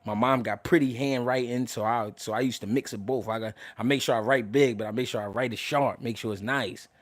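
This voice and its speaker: A young adult man hosting a casual livestream about boxing, talking loudly and animatedly, swearing freely and laughing often. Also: mid-range voice, steady tone, a little fast. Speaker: boxing commentator and show host.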